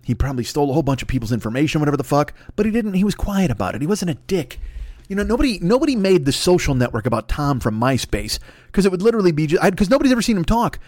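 A man's voice: a little high, sing-song, racing, darkish tone, dry recording. A man in his fifties ranting alone at a desk, rambling, exasperated and full of swearing. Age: 50s. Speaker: podcast host. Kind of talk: solo comedic rant.

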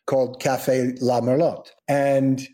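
Man, middle-aged, soap actor guest, casual storytelling, animated quoting, mid pitch. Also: measured pace. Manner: animated storyteller, acts out quoted voices in high pitch. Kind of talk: casual anecdote telling.

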